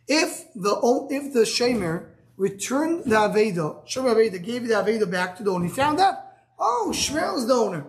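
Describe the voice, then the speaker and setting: Halting man teaching a Talmud class. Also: extremely high pitch, very animated. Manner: explains step by step, asks and answers himself; halting, restarts words. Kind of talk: live Gemara class.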